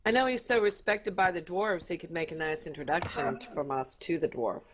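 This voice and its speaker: A woman's voice: deep voice, a little fast, noisy background. A woman playing a tabletop game, chatting casually and reasoning things out. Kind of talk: casual chat.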